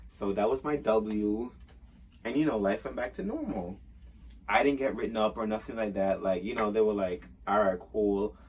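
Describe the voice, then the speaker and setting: Low-voiced man, casual animated storyteller, slightly distant mic with faint hiss. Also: normal speed. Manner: animated, acts out quotes in raised voice.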